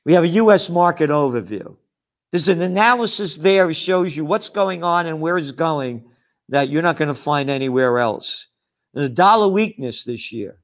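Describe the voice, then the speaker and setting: A man's voice: fairly high pitch, a little slow. An older man, a trend forecaster, delivering a sarcastic, scornful ranting monologue full of name-calling.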